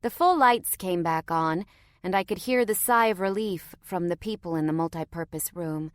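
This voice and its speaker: A woman's voice: fairly low pitch, moderate pace, clean tone, no echo. A woman narrating a story in the first person with a wry, conversational tone, recorded close to the microphone.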